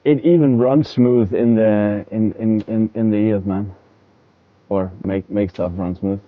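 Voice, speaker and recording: A man's voice: lowish voice, fairly even intonation, measured pace. A man streaming a game and chatting casually to his viewers, rambling, repeating words and laughing often. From from a country that uses military time. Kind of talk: casual livestream chat to viewers while gaming. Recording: dull, lo-fi stream audio.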